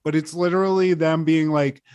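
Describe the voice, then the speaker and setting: A man's voice: fairly high pitch, fairly even intonation, fairly quick, a little mellow, clear, resonant tone, no room sound, dull audio. A man co-hosting a podcast, riffing in a casual, profane way and laughing often. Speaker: podcast co-host. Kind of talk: casual chat.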